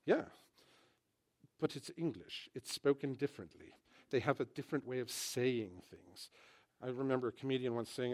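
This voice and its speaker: Brief: a mid-pitched man preaching in a church, casual and storytelling. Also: moderate pace. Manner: conversational, animated storytelling with humor. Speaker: pastor. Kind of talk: sermon.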